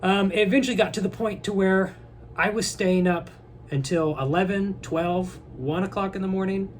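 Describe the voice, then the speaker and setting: A young man talking straight to his viewers in a loose, rambling way, his voice sitting a little high. He jokes, trails off and restarts, and there's a faint hiss under the recording. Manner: rambling, joking, then tearful and halting. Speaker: vlogger. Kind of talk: casual rambling to camera.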